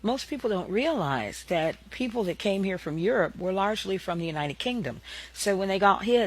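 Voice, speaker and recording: A man's voice: high voice, expressive, normal speed, poor audio. A man with a Southern American drawl talks through an explanation in a folksy, sure-footed way. He sounds like a video creator speaking straight to his viewers. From Southern United States. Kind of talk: explanatory monologue.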